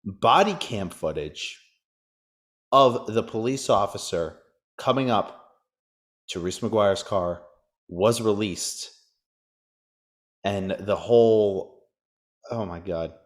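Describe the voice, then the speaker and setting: A man with a fairly low voice hosts a casual podcast. He rants and jokes crudely about the news of the day. His tone stays loose and unscripted. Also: takes it slowly, pauses often. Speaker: podcast host.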